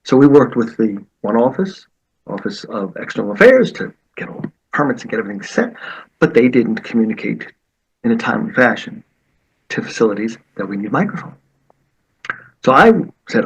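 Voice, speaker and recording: Gravelly-voiced man telling stories. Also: mid-range voice, fairly quick, low-quality recording. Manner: animated, acts out quoted voices. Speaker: martial arts teacher, guest. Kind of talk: storytelling in conversation.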